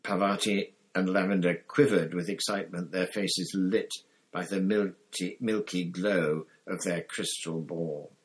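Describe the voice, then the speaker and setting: Low voice guy reading a storybook, plain and unhurried. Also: steady tone, slightly rough. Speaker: reader. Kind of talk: storybook narration.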